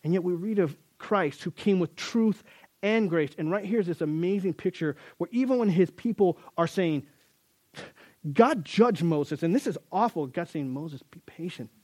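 A man's voice: high-pitched, moderate pace, a little mellow, no echo. A male pastor preaching a sermon in a conversational, emphatic way, often speaking to his listeners as guys.

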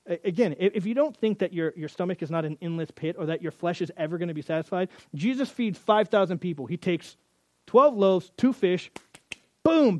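Animated high-voiced male preacher. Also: no room sound. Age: adult. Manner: animated, acts out quoted voices, conversational. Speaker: pastor. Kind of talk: sermon.

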